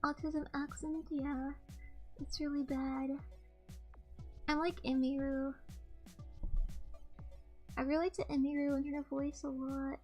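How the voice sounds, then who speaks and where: A young woman streamer chatting casually on a livestream, talking quietly in a flat monotone. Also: sits high, slow pace, long pauses, faint music behind. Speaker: VTuber streamer. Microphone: desk streaming mic.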